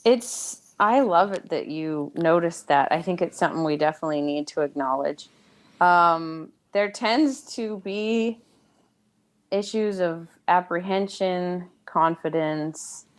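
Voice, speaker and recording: Low-voiced woman, measured guest. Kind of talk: casual conversation.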